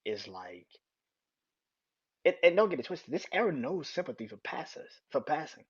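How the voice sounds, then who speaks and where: A young man with a husky, breathy voice hosts a solo podcast, rambling casually and swearing freely. He often restarts his sentences. The recording sounds dull and lo-fi. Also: a little high, sing-song, moderate pace. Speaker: podcast host.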